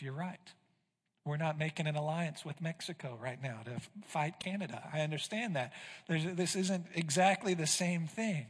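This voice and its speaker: Male pastor, high-pitched, preaching with dramatic volume swings, long church reverb. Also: normal speed. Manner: dramatic, swings from loud to hushed. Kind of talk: sermon. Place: church sanctuary.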